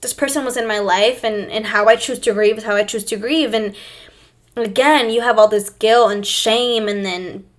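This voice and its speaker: Young female host, slightly high voice, personal to-camera talk, reflective and emotional, halting delivery. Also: fairly even intonation. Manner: emotional, reflective, with pauses and restarts.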